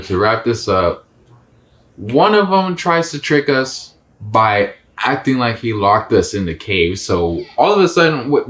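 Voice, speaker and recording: A young man co-hosting a podcast, telling a story in a casual, slangy, animated way. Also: mid-range voice. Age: young adult. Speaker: podcast co-host. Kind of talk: casual chat.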